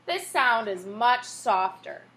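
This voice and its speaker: A woman's voice: fairly high pitch, takes it slowly. A woman voicing a curious young boy while reading a storybook aloud. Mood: matter-of-fact. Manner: expressive read-aloud voice.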